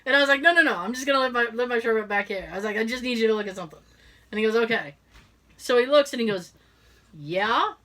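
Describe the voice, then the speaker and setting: Middle-aged woman, podcast co-host, casual chat, animated storyteller, acts out the people she quotes, swooping intonation, bright ringing tone. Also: on the high side, fast. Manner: animated, acts out quoted voices, laughs often.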